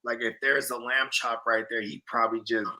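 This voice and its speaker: A man's voice: medium pitch, little pitch movement, a little fast, sharp tone. A young man co-hosting a podcast, talking sports in loose, profane, rambling banter. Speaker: podcast co-host. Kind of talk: casual sports chat.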